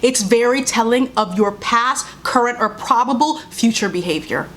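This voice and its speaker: A young woman vlogs to camera in a heated, emphatic rush, hammering her points home by repeating them. Her voice sits a little on the high side. A faint hiss runs under the recording. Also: moderate pace, fairly bright tone. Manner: heated and emphatic, with repeated phrases and mocking quotes. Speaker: vlogger. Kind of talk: impassioned commentary to camera.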